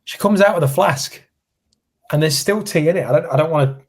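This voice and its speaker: A young man from England, co-hosting a podcast, telling stories in a casual, animated chat and acting out what people said. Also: on the high side, fairly quick, husky. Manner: animated storyteller, acts out quotes. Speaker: podcast co-host.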